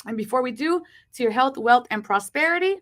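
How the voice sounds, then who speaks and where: A woman's voice: high-pitched, lively intonation. A woman hosting a live horoscope stream, talking with a slight lisp from braces and greeting viewers by name. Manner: slow hushed reading of card messages. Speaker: host.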